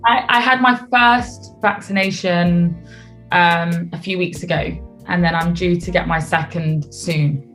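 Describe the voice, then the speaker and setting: A young British woman, a singer being interviewed on radio, talking in a relaxed, chatty way and laughing easily. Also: on the low side, a little slow. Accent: British English. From United Kingdom. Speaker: singer guest. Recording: faint music behind.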